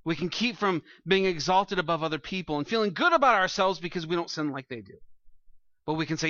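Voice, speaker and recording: A man's voice: a little high, animated, brisk, bright, forceful tone, no room sound, dull audio. A man preaching a sermon as pastor, earnest and plain-spoken, often restarting his phrases.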